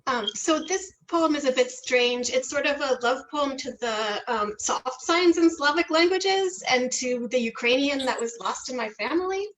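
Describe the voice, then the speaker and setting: A woman reading her own poem aloud at a livestream reading over a video call, with slow, measured, deliberate phrasing. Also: sits high, animated, fairly bright tone, low-quality recording. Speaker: poet at a reading. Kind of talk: poetry reading. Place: home, joining a video call. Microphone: computer mic on a video call.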